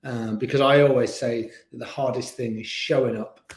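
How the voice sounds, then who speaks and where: A man leads a beginners yoga class in a mid-pitched voice. He is chatty and encouraging, with little laughs between cues. The studio around him gives a roomy echo. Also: fairly even intonation, moderate pace. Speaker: yoga instructor.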